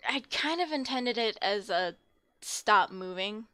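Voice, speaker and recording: A woman playing a tabletop game who talks slowly and in a playful way, laughing often. Her voice is recorded dry and close. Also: mid-range voice, lively intonation, sharp tone, dry recording. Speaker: player. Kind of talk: casual tabletop game play.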